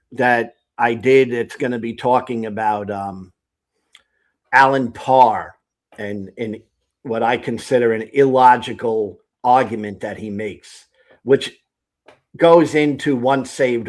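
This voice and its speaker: A man speaking as a guest in a casual online conversation, relaxed and hedging with "you know". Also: medium pitch, slow pace.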